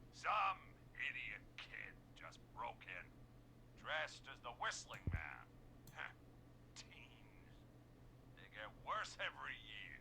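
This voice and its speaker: A man's voice: medium pitch, creaky, noisy background, full character voice. A brash old-timey newspaperman. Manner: old-timey reporter voice, brusque and cursing. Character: gruff older male small-town newspaper reporter, brash. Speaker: caller.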